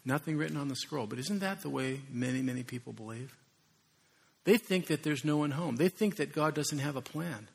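A man preaching a sermon in an animated way, acting out voices and rising suddenly in volume. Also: on the high side, brisk, vocal fry, husky. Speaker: pastor.

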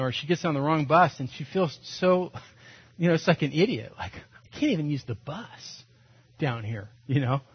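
A man preaching in a husky, fairly high voice, spinning self-mocking stories and acting out his own reactions as he goes. The recording sounds dull and lo-fi. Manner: animated, self-mocking, acts out quotes. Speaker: pastor. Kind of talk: storytelling sermon.

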